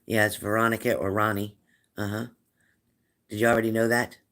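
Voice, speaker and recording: A woman's voice: a bass voice, level tone, brisk, fairly bright tone. Emotional older woman chatting on a live stream. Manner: emotional, scattered, talks straight to viewers. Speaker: psychic reader hosting a live stream. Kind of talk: casual live-stream chat.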